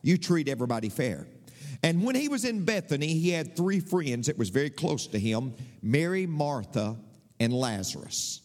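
A man preaching a sermon as pastor, passionate, dropping to low murmurs and climbing to high cries. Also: sing-song, normal speed, darkish tone. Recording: long hall reverb.

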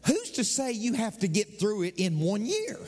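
A middle-aged man preaching a sermon as pastor, swinging from shouts down to whispers. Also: high voice, wildly swooping pitch, normal speed, big-room sound.

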